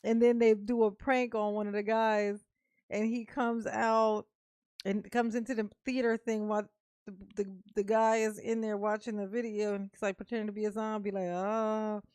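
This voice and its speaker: Woman reaction host, higher voice, dry close sound, animated and loose-mouthed. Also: normal speed, clean tone, no echo. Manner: animated, laughing, swearing freely. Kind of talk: casual reaction commentary.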